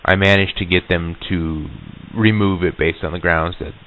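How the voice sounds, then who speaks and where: A shaken vending serviceman recounts his story with stops, stammers and restarts, as a man plays him. His voice sits very low and comes through thin and tinny, like an old reel-to-reel tape recording. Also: steady tone, close to an everyday voice. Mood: uneasy. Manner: halting, stammering, full of restarts and fillers. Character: shaken male vending serviceman recalling a haunting. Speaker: vending machine route worker giving a recorded account. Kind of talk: hesitant spoken recollection on tape.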